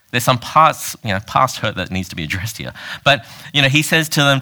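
A man's voice: mid-range voice, expressive, fairly quick, bright, forceful tone. A man preaching a casual, conversational sermon, retelling a Bible story and acting out its quoted lines.

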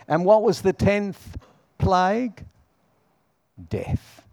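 Male preacher, middle-aged, slow and deliberate, dramatic swings from hushed to loud. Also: fairly high pitch, wildly swooping pitch, vocal fry. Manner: dramatic, swings between hushed and raised delivery, acts out dialogue. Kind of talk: sermon.

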